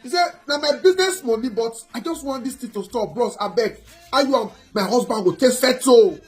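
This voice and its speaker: Excitable Nigerian woman host. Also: a little high, brisk, soft background music. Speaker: gossip channel host. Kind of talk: animated casual commentary.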